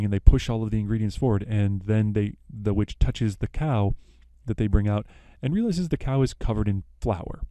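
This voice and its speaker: A man's voice: on the low side, normal speed, few pauses, warm tone, no room sound. A young man hosting a podcast, casually retelling a plot with lots of fillers and self-corrections. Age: young adult. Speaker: podcast host.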